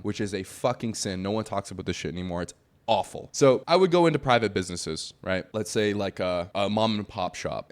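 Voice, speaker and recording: A man with a low voice rants bluntly through a casual reaction video. He swears freely and speaks straight to his viewers. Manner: profane, blunt and ranting. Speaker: reaction channel host. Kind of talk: casual rant over a reaction clip.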